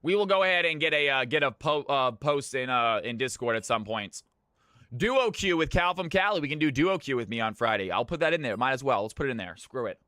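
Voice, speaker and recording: A man shoutcasting a live esports match as host, hyping up the game and greeting viewers in chat by name. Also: medium pitch, lively intonation, fairly quick, clear, resonant tone, dry recording, clean studio sound. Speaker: streamer and shoutcaster.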